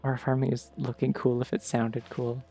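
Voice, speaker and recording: A man's voice: mid-range voice, little pitch movement, moderate pace, gravelly, dark tone, slightly rough. A man streaming a game, chatting casually in a rambling way full of filler words. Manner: rambling, digressive, many "like" fillers. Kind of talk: casual chat while gaming. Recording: faint background game music.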